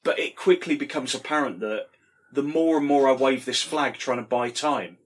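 A man's voice: medium pitch, moderate pace, slightly rough. A middle-aged man telling a rambling anecdote, casually swearing and full of fillers. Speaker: storyteller.

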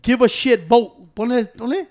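Man with a high-pitched voice, cursing freely and mixing in Spanish; casual storyteller among friends. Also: moderate pace. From United States. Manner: profane, animated, switches between English and Spanish.

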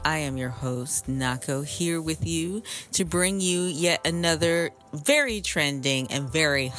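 A woman with a notably low voice hosts her own podcast, chatting straight to her listeners. Her delivery is animated and expressive, jumping from relaxed asides to emphatic outbursts. Faint music sits behind her. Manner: animated and expressive, swinging between calm asides and exclaimed outbursts; chatty and conversational, addressing listeners directly. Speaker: podcast host. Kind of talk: casual solo podcast monologue. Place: home recording space in Brooklyn.

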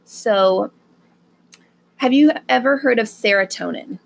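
A woman hosting a podcast, talking casually and gently with frequent fillers, then guiding a calm meditation. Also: fairly high pitch, gravelly. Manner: slow, gentle, soothing delivery with fillers. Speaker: podcast host.

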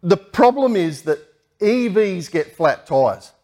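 A man's voice: high-pitched, big pitch swings, takes it slowly, a little mellow. A man co-hosting a casual show, cheeky and blunt, swearing in passing. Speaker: co-host. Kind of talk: casual banter.

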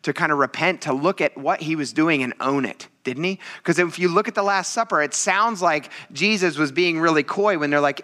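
Guy preaching a sunday sermon, bright voice, loose and jokey, acts out the quotes. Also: on the high side, fairly quick, hardly any pauses. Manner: casual, joking preaching with acted quotes. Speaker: pastor.

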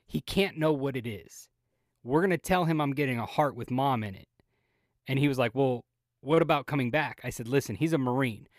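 A man's voice: mid-range voice, fairly quick, no echo. A man on a podcast telling a long personal story, swearing freely and acting out everyone's lines. His voice sits in an ordinary middle register. The sound is close and dry, with no room around it. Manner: profane, animated storyteller who acts out the other people's lines. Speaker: podcast co-host. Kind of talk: casual storytelling.

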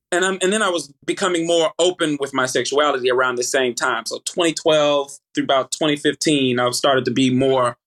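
A man in his thirties with a Southern US accent, chatting as an interview guest, lively, with halting restarts and easy laughter. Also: fairly high pitch. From United States. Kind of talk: casual interview chat.

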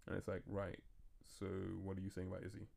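A man hosting a casual podcast chat, talking in a fast, rambling way that keeps restarting itself. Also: deep voice, little pitch movement, creaky, a little mellow. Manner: fast, rambling, self-interrupting talk. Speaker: podcast host.

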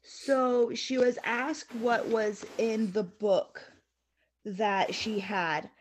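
A woman's voice: fairly high pitch, extremely slow. Chatty woman retelling a story. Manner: animated retelling, acting out quotes with lots of "like". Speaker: podcast co-host. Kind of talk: casual storytelling chat.

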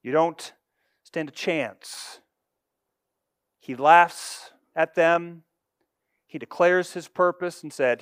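A man preaching a sermon, with expressive delivery that moves from loud emphasis to hushed asides. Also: a little high, slow pace, long pauses, clean tone, dry recording, clean studio sound. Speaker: pastor.

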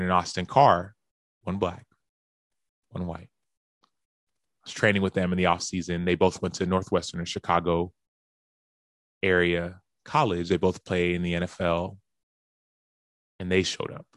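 A man with a fairly low speaking voice tells a personal story in a podcast monologue. He acts out the calls he describes, jumping up in pitch as he gets excited. The sound is close and dry. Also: dry recording. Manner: animated storyteller who acts out quoted phone calls in a raised voice.

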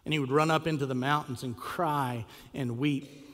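A man preaching a sermon as a pastor, telling a story with lively acted quotes and rhetorical questions. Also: mid-range voice, normal speed. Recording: long hall reverb.

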